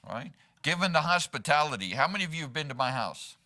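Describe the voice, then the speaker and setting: A pastor's fairly high, lively voice moves fast through his sermon, bright and forceful. The setting is a church sanctuary, and his casual style leans heavily on asking the congregation "right?"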